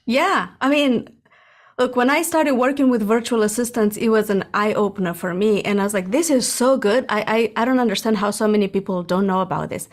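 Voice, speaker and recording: A woman's voice: mid-range voice, fairly quick. A woman from Moldova, a business founder, talking enthusiastically as a podcast guest. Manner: enthusiastic, talkative. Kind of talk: casual podcast interview.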